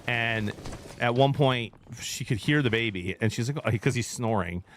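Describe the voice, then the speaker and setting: A man's voice: mid-range voice, moderate pace, a bit bright. A man in his thirties, a streamer, telling a rambling story in casual chat with his viewers.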